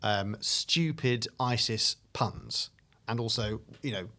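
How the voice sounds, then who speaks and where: Male comedian, animated storyteller, relaxed podcast guest. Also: lowish voice, slow pace. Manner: rambling, animated storyteller with fillers. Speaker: comedy duo member, guest. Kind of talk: casual podcast chat.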